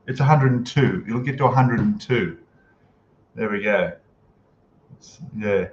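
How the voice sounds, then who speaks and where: A man's voice: lowish voice, measured pace, long pauses. A man hosting a casual live stream, chatting easily and greeting viewers as he reads out their comments. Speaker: livestream host. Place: home room, in Thailand. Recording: echoey room, dull lo-fi sound, faint noise.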